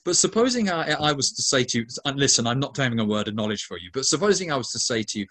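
A man's voice: medium pitch, very animated, fast talker, a bit bright. Earnest, emphatic male minister. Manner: earnest, emphatic, piles up lists of words. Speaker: Catholic healing minister. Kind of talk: in-depth interview answers.

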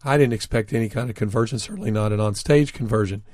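A man's voice: lowish voice, darkish tone, no room sound, clean studio sound. Earnest male guest telling anecdotes. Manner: earnest anecdotal storytelling with frequent fillers, slowing down for emphasis. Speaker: author and guest. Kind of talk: storytelling in an interview. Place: studio.

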